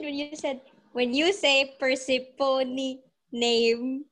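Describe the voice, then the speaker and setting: A female student speaks up in an online class. Her voice is high and sounds a little distant. She teases and insists on her point. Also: steady tone, takes it slowly, a bit bright. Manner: teasing, insistent. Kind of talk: class discussion.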